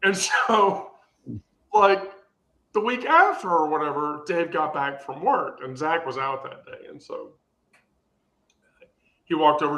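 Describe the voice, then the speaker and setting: Animated man telling a story, echoey room. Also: on the high side, measured pace, pauses often. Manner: rambling, animated, many fillers and restarts. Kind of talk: casual storytelling.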